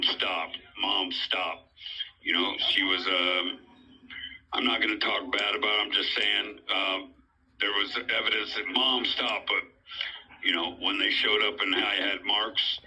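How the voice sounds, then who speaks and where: A man's voice: fairly low pitch, pushed and bright, slightly rough, rough recording. A middle-aged man giving a rambling, earnest account of his own legal case, full of hesitations and fillers. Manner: earnest, pleading. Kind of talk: unscripted personal account.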